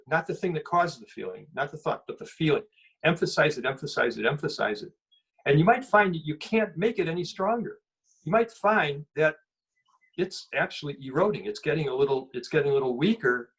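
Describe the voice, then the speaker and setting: A husky-voiced man teaches a mindfulness group how to sit with anxiety. He speaks gently and haltingly, restarting phrases as he searches for words. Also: a little high, low-quality recording. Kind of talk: guided meditation teaching.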